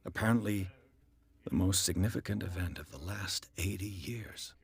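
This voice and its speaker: A man running a tabletop horror game as game master, narrating in a dry, measured way. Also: low voice, vocal fry, husky.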